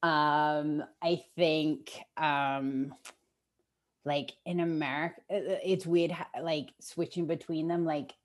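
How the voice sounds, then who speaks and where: Interview guest: woman, 30s, low voice, British accent with an Australian lilt, chatty. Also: fairly even intonation, takes it slowly. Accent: mixed British and Australian. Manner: chatty, laughs often. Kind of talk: casual interview chat.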